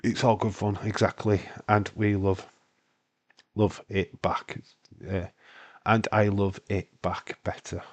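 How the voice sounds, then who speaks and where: A young male streamer from Scotland, in Britain, hosts a casual live-stream watch-along, chatting in a rambling, sweary way and laughing often. Congested from hay fever, he speaks slowly and flatly at a lowish pitch.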